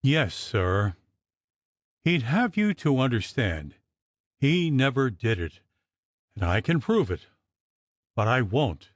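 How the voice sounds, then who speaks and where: A man reading as a hoarse, grim church clerk. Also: medium pitch, sing-song, slow pace, long pauses, no echo, clean studio sound. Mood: threatening. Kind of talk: audiobook character reading.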